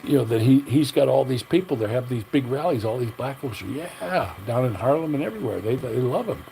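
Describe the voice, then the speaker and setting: A man's voice: mid-range voice, lively intonation, fast, creaky, dark tone, a little hiss or hum, poor audio. An older man hosting a livestream, talking bluntly in a rambling, opinionated way. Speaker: livestream host. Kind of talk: casual livestream rant.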